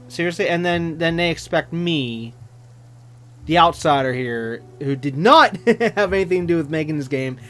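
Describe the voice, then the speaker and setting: Casting: a man with a fairly high voice, exasperated let's-play commentary. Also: expressive, unhurried. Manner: exasperated ranting, mocking voices. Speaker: gaming channel host.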